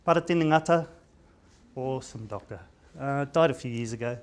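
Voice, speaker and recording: A man's voice: mid-range voice, a little fast. A middle-aged man with a New Zealand accent, a general practitioner giving an informal seminar talk, chatty and full of stammers and restarts, dropping in Māori words. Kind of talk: informal conference presentation.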